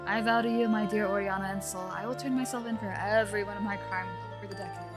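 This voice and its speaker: A woman's voice: medium pitch, steady tone, fast, natural voice. A woman voicing a scheming ancient spirit that possesses a young woman, speaking formally and condescendingly. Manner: formal, condescending, archaic phrasing. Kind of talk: voicing game dialogue on a livestream. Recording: game music playing loudly behind. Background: game music.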